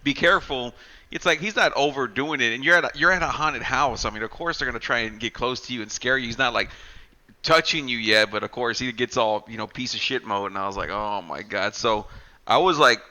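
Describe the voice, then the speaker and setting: A man co-hosting a casual movie podcast, his voice very bright and forward. He talks excitedly with constant fillers, laughing and acting out bits of dialogue with loose swearing. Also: mid-range voice, brisk, highs cut off. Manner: heavy filler words like "like" and "you know". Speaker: podcast co-host. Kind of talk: casual chat.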